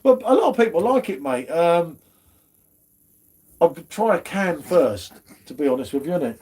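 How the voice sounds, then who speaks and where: A man's voice: fairly high pitch, sing-song, moderate pace, darkish tone, slightly rough. A man hosting a casual beer chat stream, slangy and chatty. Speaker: host of a beer review stream.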